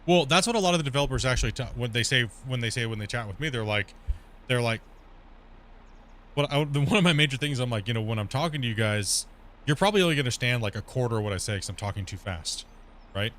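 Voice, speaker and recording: A man hosting a casual multiplayer gaming chat, talking extremely fast and rambling with restarts. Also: medium pitch, lively intonation, fairly bright tone. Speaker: streamer host.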